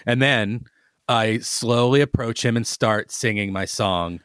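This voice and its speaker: A man playing a tabletop game, casual and excitable, laughing often. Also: medium pitch, a little slow, smooth, no room sound, clean studio sound. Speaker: player.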